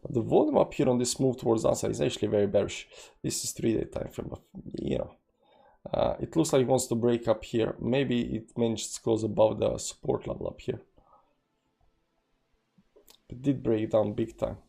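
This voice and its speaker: This crypto trading livestream host talks at normal speed in a medium-pitched voice that is gravelly, mellow, and slightly rough. His English carries a non-native accent, and his casual stream wanders through charts while he reads the chat aloud, leaning heavily on fillers.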